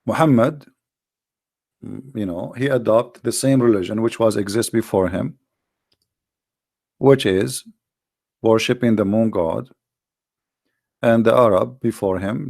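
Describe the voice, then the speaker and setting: A man's voice: on the low side, measured pace, gravelly, long pauses, darkish tone. A man with giving a combative religious talk, firing rhetorical questions in a mocking tone. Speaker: Christian apologetics presenter.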